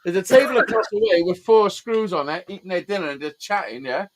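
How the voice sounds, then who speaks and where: A man's voice: high voice, brisk. Sweary man telling stories. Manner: sweary, animated storyteller. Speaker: host. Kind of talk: casual chat.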